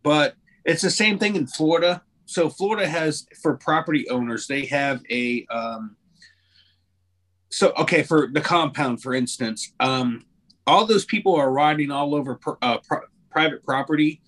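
Rambling man, fairly high voice. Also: moderate pace, a bit bright. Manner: rambling, self-correcting, repeats words. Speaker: pilot sharing fly-in experience. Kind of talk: casual group chat.

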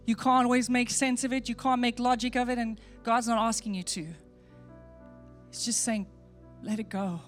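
Woman pastor, fairly high voice, earnest altar-call sermon, faint music under it. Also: level tone, normal speed. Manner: earnest, repeating short phrases, pleading in prayer. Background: soft music.

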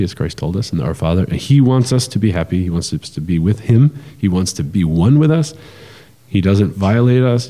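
Deep-voiced man explaining, roomy reverb. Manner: animated, explanatory, with frequent fillers and restarts. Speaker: podcast co-host. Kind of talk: casual conversational podcast talk.

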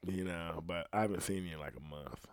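A man hosting a casual podcast, rambling and swearing freely, swinging between loud outbursts and low muttering into a podcast microphone. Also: fairly quick. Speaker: podcast host.

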